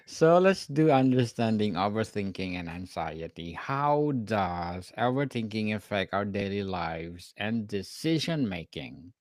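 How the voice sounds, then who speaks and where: A male podcast host with a low voice asks his questions slowly and evenly. His voice sounds dry and close, with no room around it. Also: big pitch swings, dry recording. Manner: measured, asking plain questions. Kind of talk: interview questions.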